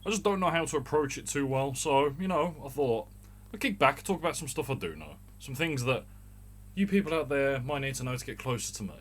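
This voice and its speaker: Man, mild Birmingham accent, thirties, rambling casual solo rant, middle pitch, loose chatty delivery. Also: lively intonation, fairly quick. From Birmingham, England. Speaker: podcast host.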